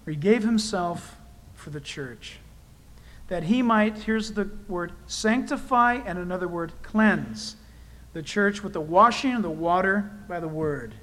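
A man with a noticeably high voice preaches a sermon to his congregation. He talks conversationally and leans hard on key phrases, repeating them for emphasis. He breaks in with candid, self-deprecating personal asides. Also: lively intonation, a little slow, fairly bright tone, low-quality recording. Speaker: pastor.

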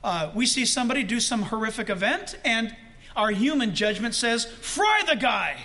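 A man preaching a sermon, pressing his points with rising emphasis and slowing right down on key words. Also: very high-pitched, sharp tone. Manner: preaching with rising emphasis and slow, drawn-out stresses. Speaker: pastor.

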